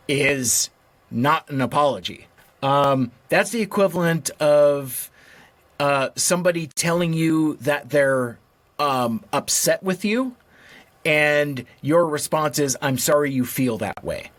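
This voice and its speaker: A man's voice: fairly high pitch, animated, slow pace, a bit bright. Wry, exasperated male podcast host. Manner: wry and exasperated, reads messages aloud in mock-polite tones; rambling with restarts and filler words. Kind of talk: casual solo chat.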